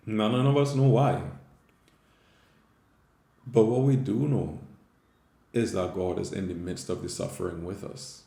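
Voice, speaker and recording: A Caribbean man gives a conversational scripture reflection in a very low, gravelly voice. His tone is dark and mellow, and the room adds a noticeable echo. He often checks in with a quick "right?" as he talks. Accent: Caribbean English. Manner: conversational, with frequent "right?" tag questions. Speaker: Catholic theologian and teacher.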